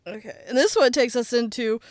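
A woman co-hosts a casual podcast, tossing in jokes and quick questions in a fairly high voice. Her voice sounds dry and close, with no room echo. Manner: joking, chatty, asks questions. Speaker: podcast co-host. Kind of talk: casual chat.

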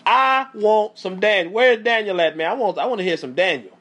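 A man's voice: sits high, a little fast, fairly bright tone. A man preacher voicing a boastful, arrogant ancient king with a grandiose, proclaiming delivery. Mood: eager.

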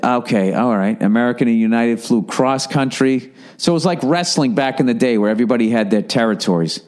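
Speaking a little fast in a mid-range, slightly mellow voice, a middle-aged man runs his own podcast. The solo monologue rambles through sarcastic, profane rants and listener emails he reads aloud, commenting all the way.

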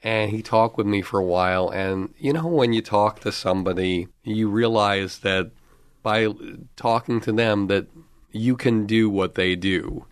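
A middle-aged man with a fairly low voice spins a chatty, lively story and slips into quoting the people in it. The sound is close and dry, with no room around it. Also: unhurried, clear, resonant tone, no echo. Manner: chatty, lively storyteller who quotes others. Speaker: comedy manager and podcast host, guest here. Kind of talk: anecdotal storytelling.

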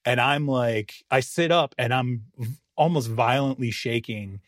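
Animated man telling a story, dry studio sound. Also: mid-range voice, measured pace, dry recording. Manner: animated storyteller, laughing often. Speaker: podcast co-host, NFL writer. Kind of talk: casual chat.

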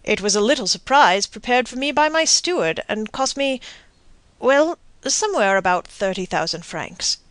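A woman voicing a courteous, scheming nobleman in an audiobook, speaking with polished, quiet irony. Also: fairly high pitch, lively intonation, moderate pace, dry recording. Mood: ironic.

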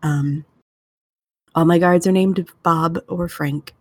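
A young woman talks in a relaxed podcast chat, rambling and filling her thoughts with fillers. Her voice sits low for a woman. The sound is close and dry, with no room echo. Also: slow pace. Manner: chatty, rambling with many fillers. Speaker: tabletop game master.

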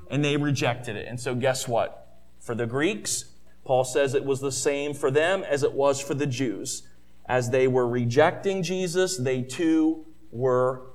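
A man preaching a sermon, animated, with slow drawn-out stresses and incredulous quoted voices. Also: fairly high pitch. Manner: acts out quoted skeptics in an incredulous tone.

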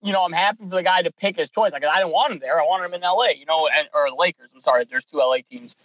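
A man co-hosting a casual sports podcast, telling stories in an animated way and acting out the dialogue. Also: fairly high pitch, fast talker, no room sound, poor audio. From California. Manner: animated storyteller, acts out dialogue. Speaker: podcast co-host.

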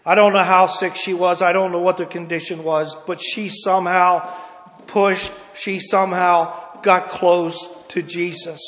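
A man preaching a sermon and reading scripture, rising to loud impassioned cries and dropping to hushed low lines. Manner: reads scripture in old-fashioned wording. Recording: long hall reverb.

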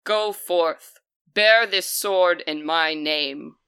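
A woman voicing an ancient female lake spirit made of water, who speaks in slow, solemn, commanding questions. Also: lowish voice, pushed and bright, clean tone, full character voice.

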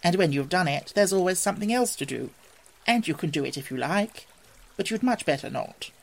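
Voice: medium pitch, animated, fairly quick, vocal fry. A reader voicing a genial, leisurely male water rat who talks dreamily and with relish about life on the river, in a storybook reading. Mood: cheerful. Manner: dreamy, enthusiastic, expansive.

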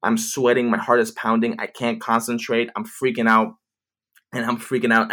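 A man's voice: medium pitch, monotone, bright, forceful tone. Young man, casual storytelling, rambling, profane, restarts a lot. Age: 20s. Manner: fast, rambling, profane retelling with many restarts.

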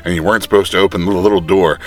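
A man's voice: low voice, fairly even intonation. A man talking casually on a podcast about the audio productions he has coming up, stopping often with fillers and restarts. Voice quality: halting, many fillers and restarts.

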